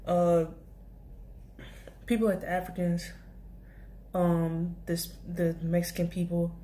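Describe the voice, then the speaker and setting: A woman's voice: on the low side, completely flat delivery, slow pace, warm tone, slight background noise. A young woman vlogger telling a casual storytime about her job, rambling with many restarts and asides. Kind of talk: storytime vlog.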